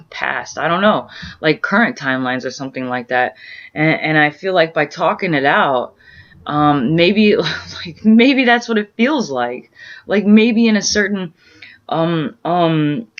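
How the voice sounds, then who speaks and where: A woman at home talking casually in a meandering, earnest way, full of fillers and restarts as she searches for words. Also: deep voice. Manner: earnest, introspective musing. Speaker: vlogger sharing spiritual experiences. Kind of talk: casual rambling monologue. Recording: muffled lo-fi audio.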